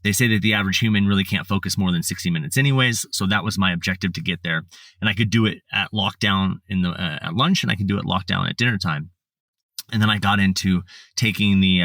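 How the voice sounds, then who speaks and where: Low-voiced man rambling through his story. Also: a bit bright, dry recording. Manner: rambling, many fillers and restarts. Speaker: podcast guest. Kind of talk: casual storytelling interview. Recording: slightly distant mic, dry sound.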